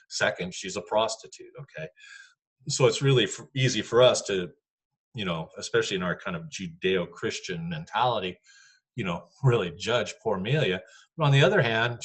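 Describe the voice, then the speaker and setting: Male teacher, lower voice, a bit husky, chatty and rambling poetry lecture. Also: fairly bright tone. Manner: chatty, rambling, many fillers.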